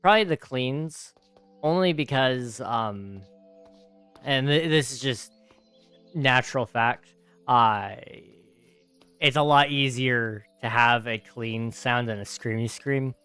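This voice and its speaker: A man's voice: mid-range voice, takes it slowly, pauses often, sharp tone, clean tone, soft background music. Easygoing rambling young man streaming. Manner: easygoing, rambling, reads chat aloud and answers it. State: tired, yawning. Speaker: gaming streamer. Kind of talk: casual livestream chat while gaming.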